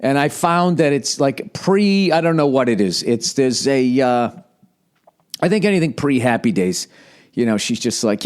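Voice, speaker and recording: A man's voice: medium pitch, expressive, normal speed, darkish tone. A man in his forties hosting a podcast, chatting casually in a blunt, profane, joking way. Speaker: podcast host. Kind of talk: casual rambling chat.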